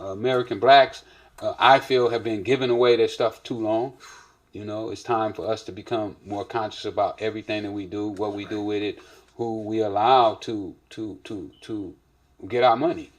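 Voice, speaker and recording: Low-voiced man talking casually in an interview. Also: steady tone, moderate pace.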